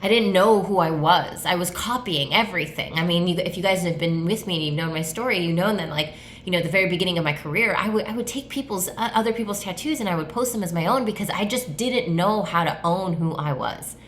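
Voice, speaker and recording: A woman's voice: fairly low pitch, fast talker, fairly bright tone, slight background noise. A woman hosting her own podcast, talking in a rambling, effusive way, filling her sentences with "like" and swearing casually. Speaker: podcast host, tattoo artist and coach. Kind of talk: casual solo podcast monologue. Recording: echoey room.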